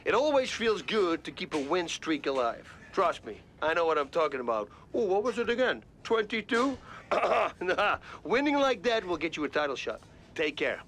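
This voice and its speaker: A boastful, upbeat fighter mentor in a video game cutscene. His voice sits high, with a faint hiss of noise behind it. He gives friendly pep talks and brags about his past. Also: very animated, normal speed, a bit bright.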